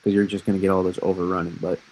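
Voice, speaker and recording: A man's voice: sits low, level tone, very fast, a little mellow, low-quality recording. A man casually breaking down a snowstorm forecast on a live stream, rambling and answering viewer questions as he goes. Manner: chatty, rambling, restarts and answers chat.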